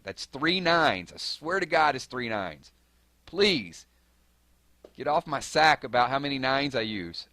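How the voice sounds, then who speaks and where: A young man with a Southern Georgia accent, chatting fast and excitably on a live stream while answering viewers' comments. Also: mid-range voice, no room sound. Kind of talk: casual live-stream chat.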